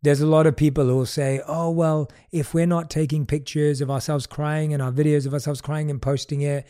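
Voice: mid-range voice, level tone, fairly quick, clear, resonant tone. An interviewer asking casual questions and giving frequent short agreements. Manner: warm, affirming, with frequent short agreement sounds. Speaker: podcast interviewer.

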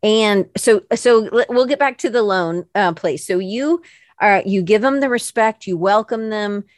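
A woman's voice: mid-range voice, unhurried, no room sound, studio quality. A woman hosting a casual conversation, chatty and friendly with playful asides.

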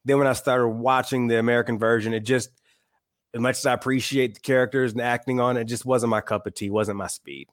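A man in his thirties from Michigan, a guest and author, talking in a relaxed, wry, opinionated way. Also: medium pitch, quick pace, no room sound, studio quality. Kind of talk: casual chat.

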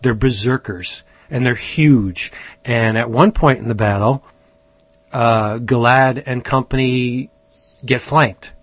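This man hosts an easygoing comic book chat, speaking slowly in a mid-range voice with no room sound. He's enthusiastic and meandering, frequently starting his sentences over.

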